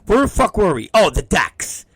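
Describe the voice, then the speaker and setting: A man's voice: sits high, big pitch swings, moderate pace, fairly bright tone, breathy edge. A man hosting his own show, talking casually and swearing often while acting out both sides of conversations he has had. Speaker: podcast host. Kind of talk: casual profane monologue.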